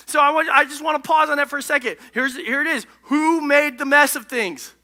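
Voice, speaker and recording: A male pastor giving an energetic, conversational, jokey sermon in a church. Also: very high voice, a little fast. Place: church stage.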